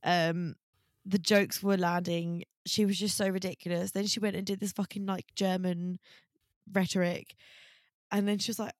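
A woman's voice: fairly low pitch, flat delivery, moderate pace, no echo, clean studio sound. A woman co-hosting a podcast in casual chat, chatty and swearing freely. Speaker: podcast co-host.

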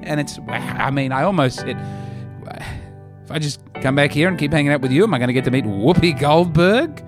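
Lively jokey man, music behind. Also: a little high, a little fast. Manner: animated, self-mocking, jokey. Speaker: podcast host and comedian. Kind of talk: casual comedic monologue.

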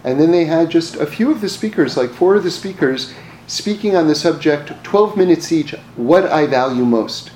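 A man's voice: fairly high pitch, expressive, normal speed, few pauses, darkish tone, a little hiss or hum. A man telling personal stories in a casual, rambling way, often restarting his words and chuckling. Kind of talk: casual storytelling talk. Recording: roomy echo, faint ambience.

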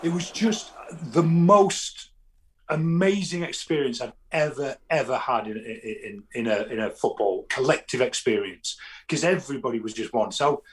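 A man, a football fan guest telling animated stories in casual chat, often restarting his sentences. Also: mid-range voice, moderate pace. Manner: animated storytelling, frequent restarts.

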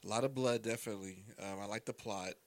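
A man's voice: on the low side, fairly even intonation, fast talker. A man giving his easygoing opinion in a casual movie chat, talking plainly on a close podcast mic. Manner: easygoing, plain, many you-knows.

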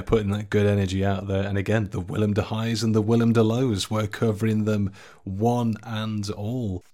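A man's voice: on the low side, level tone, moderate pace, warm tone. A man co-hosting a film podcast in casual chat, speaking thoughtfully with lots of filler words. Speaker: podcast co-host.

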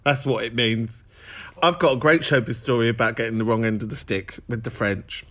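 A man's voice: medium pitch, steady tone, brisk, a bit bright. A man hosting a podcast, chatting and joking in a camp, chatty way, with big laughs. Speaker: podcast host. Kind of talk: casual chat.

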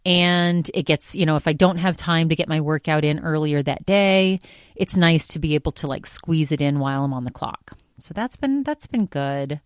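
A woman's voice: low voice, moderate pace, no echo, clean studio sound. A woman hosting her own podcast, talking in a rambling, exasperated way full of fillers. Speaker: podcast host. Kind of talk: casual solo podcast monologue.

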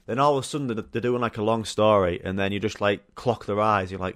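A man's voice: fairly low pitch, quick pace, few pauses, dry recording. Sweary young man, dry sound. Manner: chatty, swears a lot, rambling anecdotes. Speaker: podcast host. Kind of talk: casual solo podcast chat.

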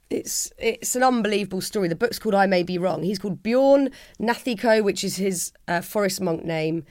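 Her voice is medium-pitched with a darkish tone and a moderate pace, captured in a studio with no room sound. She's a middle-aged interview guest, earnest and heartfelt in a reflective conversation, frequently restarting sentences.

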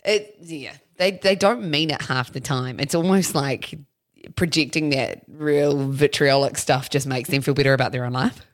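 A woman's voice: low voice, normal speed. A woman hosting a podcast, musing reflectively in casual conversation. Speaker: podcast host.

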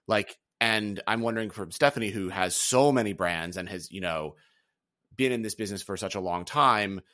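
A man's voice: on the low side, moderate pace, fairly bright tone, no room sound, studio quality. A man interviewing guests, asking long rambling questions.

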